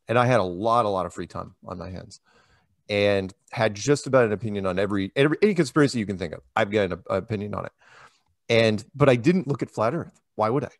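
Rambling low-voiced American man. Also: no room sound, clean studio sound. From United States. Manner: rambling, many restarts and acted-out quotes. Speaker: interview guest. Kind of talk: casual interview talk.

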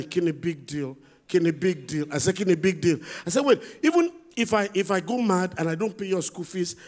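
A middle-aged Nigerian man performing stand-up comedy on a stage, telling an animated story and acting out his son. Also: high voice.

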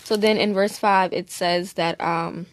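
A woman's voice: lowish voice, steady tone, measured pace, no room sound. A young woman teaching a casual Bible study, candid and conversational with plenty of fillers.

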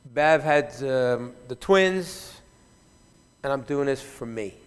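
A man putting on a raspy, low, mumbling impression of a famous older male film star, telling a story in a reverberant conference hall. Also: expressive, takes it slowly. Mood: hushed. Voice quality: raspy, husky.

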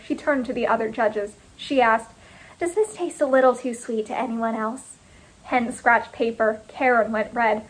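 Woman author narrating her own first-person story, clipped and deliberate, higher voice. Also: rough recording.

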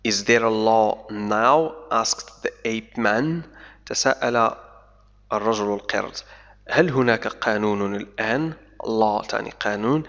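A man teaching English through a novel, his first language Arabic, with a gravelly, creaky voice. He reads each line slowly and carefully, then switches to brisk explanation. The recording is dull and lo-fi, with a long, hollow reverb trailing his words. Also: lowish voice, a bit bright. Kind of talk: reading a novel aloud with line-by-line translation.

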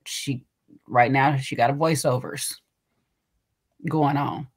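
Woman, podcast co-host, casual chat, teasing, animated, laughs a lot. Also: rumbling low, slow pace, husky.

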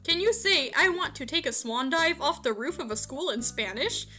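Loud bouncy girl explorer, high, bright, woman doing the voice. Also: expressive, moderate pace, soft background music. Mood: perky.

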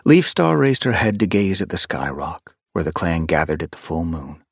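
Expressive male narrator for a fantasy audiobook, low voice, dry studio sound. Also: moderate pace, vocal fry, breathy edge, no echo. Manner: expressive, shifting voices for characters. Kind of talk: scripted narration.

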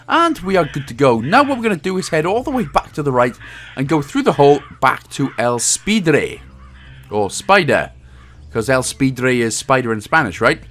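A man's voice: a little high, fairly bright tone, a little hiss or hum. A Welsh man talking casually through a game walkthrough, joking and chuckling at his own asides.

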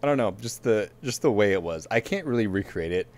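A man co-hosts a podcast, talking in a very low voice. He rambles through a story with plenty of fillers. He breaks into laughter now and then. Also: lively intonation, quick pace. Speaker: podcast co-host. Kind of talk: casual chat.

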